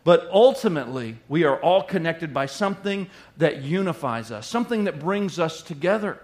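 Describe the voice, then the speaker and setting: A man's voice: on the high side, animated, moderate pace. A middle-aged male pastor preaching a sermon in a playful way, repeating lines for emphasis.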